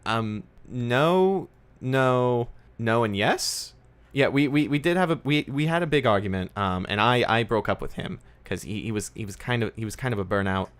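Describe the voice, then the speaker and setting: A man's voice: mid-range voice, expressive, clean tone, voice pushed up, close to an everyday voice. Man playing a wary young woman, hesitant and stop-start, voice lifted. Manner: halting, hesitant. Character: guarded, tough young woman.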